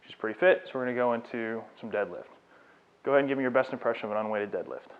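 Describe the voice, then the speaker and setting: Racing along in a mid-range voice, a male fitness trainer gives a live demonstration lecture, coaching a client through exercises with encouragement and explanation. It takes place in a fitness studio, and the audio is tinny and phone-like.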